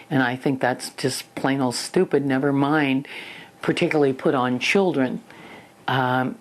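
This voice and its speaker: An older woman giving a spoken lesson to parents, talking in an animated way and acting out little parent and child exchanges. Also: extremely low pitch. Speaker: parenting educator.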